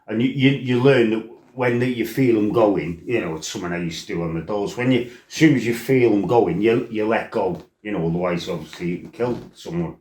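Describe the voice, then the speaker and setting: A deep-voiced, middle-aged man spins a rough personal tale in a casual monologue. His talk is blunt and peppered with swearing and side remarks. The recording has a roomy echo. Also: a little fast, hardly any pauses, a little mellow. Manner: blunt, salty, swears freely, rambling asides. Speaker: former fighter telling his life story.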